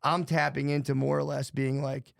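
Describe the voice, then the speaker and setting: Gravelly rambling man on a podcast. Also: mid-range voice, little pitch movement, moderate pace, no room sound, clean studio sound. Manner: rambling, profane, restarts often. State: jittery from too much coffee. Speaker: podcast co-host. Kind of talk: casual podcast chat.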